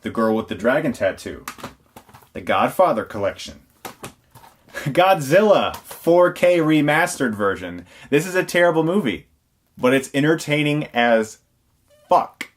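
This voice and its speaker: A man's voice: mid-range voice, animated, normal speed. A man reviewing films who walks through his collection in a casual on-camera listing, dropping wry, sarcastic asides.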